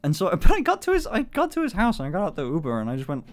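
A British man in a casual live-stream chat, talking in an animated way, swearing a lot and laughing often. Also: high-pitched, racing.

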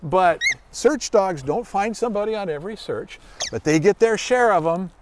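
Middle-aged male dog handler with a high-pitched voice; goofy animated praise for his dog, relaxed explanations for kids. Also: normal speed, a little hiss or hum. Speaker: search and rescue dog handler. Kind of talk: demonstration for children.

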